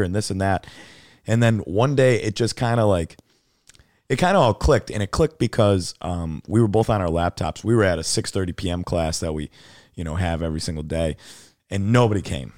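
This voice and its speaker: A man's voice: low voice, brisk, a little mellow, dry recording, studio quality. A man hosting a podcast, chatting casually in a rambling way full of "like" and swearing. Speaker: podcast host. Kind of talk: casual chat.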